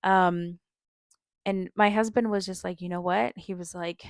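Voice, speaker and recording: A woman's voice: lowish voice, fairly even intonation, measured pace, no room sound, clean studio sound. A young woman hosting a podcast, telling a personal story in a casual, earnest way, full of "like" and "um" and small laughs. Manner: chatty, with many "like" and "um" fillers and frequent small laughs; earnest and openly emotional. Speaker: podcast host.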